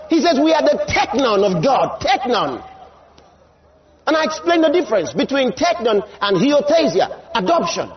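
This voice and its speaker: A preacher man with a very high voice that swings widely in pitch, repeating lines for effect and building to shouts. The recording is slightly dull, with faint room noise behind him. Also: big pitch swings, normal speed, a faint crowd. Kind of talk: sermon.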